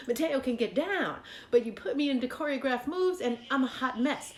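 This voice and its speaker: This fitness vlogger's voice sits high and sounds animated, moving at a moderate pace in a room with echo. Talking casually to camera, she offers advice in a chatty, encouraging way, using many fillers.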